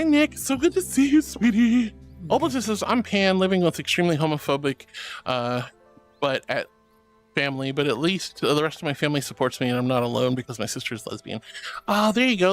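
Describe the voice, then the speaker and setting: A man's voice: sits high, fairly bright tone. A man streaming and casually chatting, reading viewer messages aloud and gushing over them with lots of honey and sweetie.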